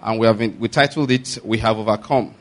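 A man's voice: on the low side, steady tone, fairly quick. A Nigerian man preaching, who talks in a loose, conversational way with restarts and asides. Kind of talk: sermon.

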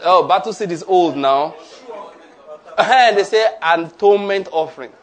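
A man preaches in a high, ringing voice. He leads the congregation line by line through declarations and stresses each phrase. His voice sits well above the usual male range. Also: unhurried. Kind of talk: sermon with call-and-response.

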